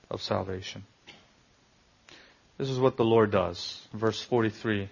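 Gravelly-voiced male preacher, lo-fi recording. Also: lowish voice, measured pace, long pauses. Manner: preaching with rhetorical questions and emphatic swells. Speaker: pastor. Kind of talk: sermon.

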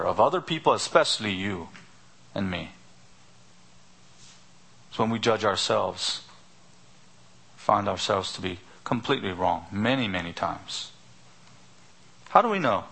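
Gravelly preaching man, bright tone. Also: on the low side, big pitch swings, normal speed, pauses often. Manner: rhetorical repeated questions, emphatic. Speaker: pastor. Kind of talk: sermon.

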